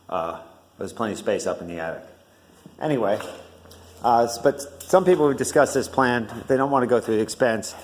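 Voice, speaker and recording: A man with a fairly low voice walks through a newly built house he constructed. He talks casually and explains as he goes, often pausing on filler words. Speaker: home builder. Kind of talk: walkthrough tour narration. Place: at a newly built house, outside then indoors.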